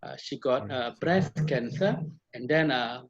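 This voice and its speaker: A middle-aged man from Malaysia, a professor telling a personal story in an animated way with many repeated words, heard over a video call. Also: mid-range voice, measured pace. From Malaysia (Perak). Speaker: professor and guest speaker. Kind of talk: storytelling talk. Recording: dull lo-fi video call audio.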